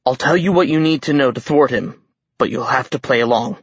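A man voicing a sly, desperate giant king who booms for show and snarls under his breath in an audiobook. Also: a little fast, breathy edge, no echo, dull audio, lightly acted. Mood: urgent hushed. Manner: loud showman bluster, then low urgent snarl.

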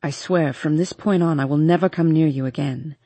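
A woman voicing a brooding drunk young man who pleads in a low, slurred murmur. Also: brisk, mellow, breathy edge, no echo. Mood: pleading.

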